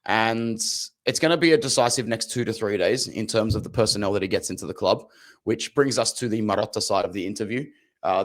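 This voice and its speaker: Blunt chatty man, lowish voice. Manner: chatty, blunt, repeats phrases. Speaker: fan channel host. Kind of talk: casual reaction commentary.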